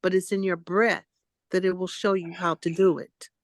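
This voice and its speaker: A woman talks a friend through slow breaths, coaxing and affectionate, calling her honey and baby. Her voice sits close and dry, with almost no room sound around it. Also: on the low side, level tone, no room sound. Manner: warm, coaxing, calls people honey and baby. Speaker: co-host. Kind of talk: supportive group talk, coaching breathing.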